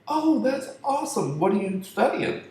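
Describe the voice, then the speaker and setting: A man voicing a naive male angel who gushes and falls for a flattering woman. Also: high voice, moderate pace, very echoey, pitched above the performer's own voice. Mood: gushing.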